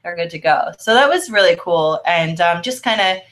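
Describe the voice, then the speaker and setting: A woman's voice: on the low side, animated, moderate pace, fairly bright tone. A woman co-hosting a casual chat, bubbly and chatty, laughing often, with a slight American Southern drawl. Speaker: co-host.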